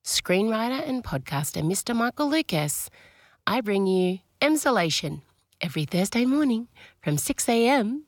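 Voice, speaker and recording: An Australian woman in her forties hosting her podcast in chatty, self-mocking talk, a little hoarse as she recovers from illness at home. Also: on the high side, very animated, moderate pace, no room sound, clean studio sound. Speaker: podcast host. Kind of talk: casual chat intro. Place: home, under a doona.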